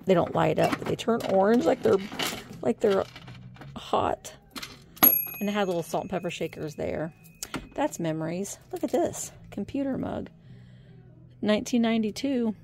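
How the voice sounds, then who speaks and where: A woman's voice: medium pitch, gravelly, a little mellow. A middle-aged woman chatting casually as she browses an antique mall, thinking aloud and reading out prices. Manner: chatty, thinks aloud while pricing items. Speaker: vintage reseller vlogger. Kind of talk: casual shop-along narration.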